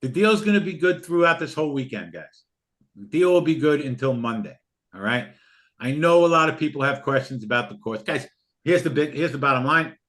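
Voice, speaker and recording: A man's voice: on the high side, animated, fairly quick, a bit bright. A man selling a trading course on a live stream, earnest and openly emotional, often repeating himself. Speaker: trading educator. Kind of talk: live sales pitch for a course.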